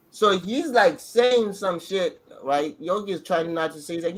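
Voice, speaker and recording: A man on a podcast excitedly rambling through a show recap, restarting sentences as he goes. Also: high-pitched, moderate pace, few pauses, poor audio. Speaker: podcast co-host. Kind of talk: casual reaction chat.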